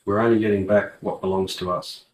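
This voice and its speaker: A man's voice: fairly low pitch, little pitch movement, fairly quick, a little hiss or hum, lightly acted. A man voicing a brash male crew leader in an audiobook, blunt and bossy. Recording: roomy, distant mic.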